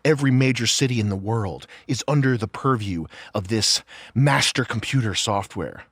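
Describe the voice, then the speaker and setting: A man's voice: medium pitch, normal speed, a bit bright, breathy edge, dry recording. A man in a casual podcast chat, ranting with profane disbelief into a close mic. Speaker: show co-host.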